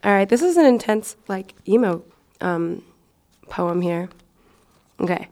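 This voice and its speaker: Young woman reading her teenage journal aloud, slow. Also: mid-range voice, expressive, a little mellow. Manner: self-mocking, laughing, swearing. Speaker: vlogger. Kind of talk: casual chat reading old journal.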